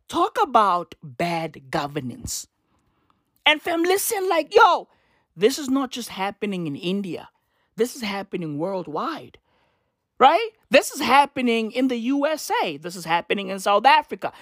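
A woman's voice: a little high, no echo, clean studio sound. A woman vlogger delivering a profane comic rant, slangy and emphatic, hammering the same points over and over.

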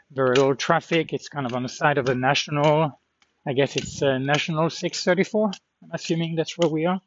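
A slightly higher-voiced man rambles through a spoken travel diary, pausing often to think aloud and filling the gaps as he goes. He is outdoors near a road, and the recording sounds dull and lo-fi. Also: a little hiss or hum. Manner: reflective, thinking aloud with many fillers. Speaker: pilgrim vlogger.

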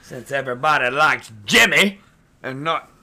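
A man co-hosting an improvised comedy bit, quick to get worked up and complain. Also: mid-range voice, lively intonation, pushed and bright. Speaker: comedy co-host.

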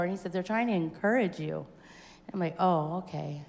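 A woman's voice: on the low side, brisk, creaky, a little mellow. A woman giving a church testimony, telling her story with acted-out dialogue and rising to fervent exclamations. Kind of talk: personal testimony at a church service. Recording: echoey church hall with long reverb.

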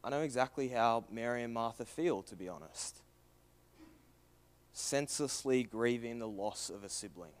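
A young man preaching a sermon, earnest and questioning, moving from raised emphasis to hushed, quiet passages. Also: mid-range voice, lively intonation, moderate pace.

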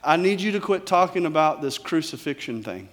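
A man's voice: a little high, expressive, fairly quick, fairly bright tone. Bossy man disciple in a pulpit retelling, pushy and casual, played by the preacher himself. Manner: pushy, casual modern talk. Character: bossy adult male disciple scolding his teacher.

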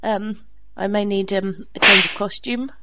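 A woman's voice: mid-range voice, steady tone, measured pace, very noisy, close to an everyday voice. A woman with a London accent voicing a playful young female companion in an amateur audio drama, hesitant and coaxing.

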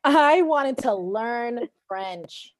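A woman hosting a casual podcast chat, animated and giggly, often trailing into fillers. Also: a little high, extremely slow, no echo. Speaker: podcast host.

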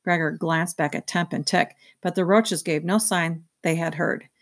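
A woman narrating a children's novel aloud in a steady, clear storytelling manner. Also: fairly low pitch, moderate pace. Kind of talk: children's book read-aloud.

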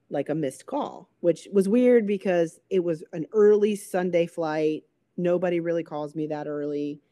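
A woman guest tells a personal story in an animated, chatty way, acting out the voices of people she quotes and filling gaps with "like". Her voice sits low and sounds warm and mellow. The recording is close and dry. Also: dry recording. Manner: animated, acts out quoted voices, many "like" fillers. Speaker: guest, recreational therapist. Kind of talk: emotional storytelling in an interview.

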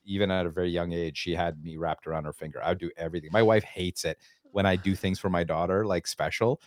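Low-voiced emphatic middle-aged man. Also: steady tone, quick pace, no room sound. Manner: emphatic, repeats himself, gives fatherly advice. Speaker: podcast co-host. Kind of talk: casual chat.

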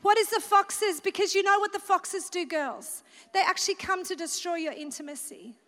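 High-voiced woman preaching in a hall. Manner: earnest, warm preaching with slowed emphatic readings. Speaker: women's conference speaker. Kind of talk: sermon. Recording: echoey hall with long reverb.

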